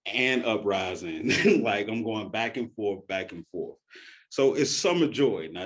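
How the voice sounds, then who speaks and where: A man telling a personal story in a casual way, often laughing and acting out quoted voices. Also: lowish voice.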